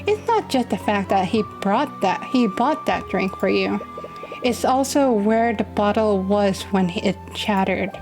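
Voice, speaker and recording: Earnest lawyer, unhurried and gentle, read by a woman. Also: mid-range voice, lively intonation, over music. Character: calm male attorney, earnest and reassuring.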